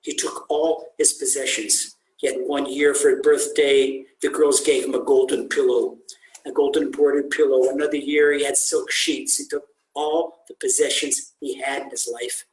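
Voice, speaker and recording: A man, a rabbi, teaching a lesson as an animated storytelling sermon and acting out the dialogue. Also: medium pitch, normal speed, a little hiss or hum. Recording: echoey room.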